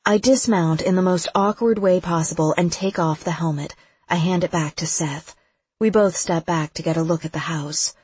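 A woman reads a first-person novel aloud with urgent, vivid delivery. Her voice is slightly low and husky, recorded close and dry. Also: moderate pace, a little mellow, no room sound. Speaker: audiobook narrator. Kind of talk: first-person audiobook narration.

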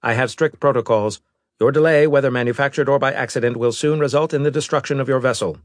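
A man's voice: mid-range voice, fast talker, dry recording, studio quality, voice pushed up, lightly acted. A man voicing a rigid alien robot that speaks in a stiff, formal, insistent way. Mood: demanding.

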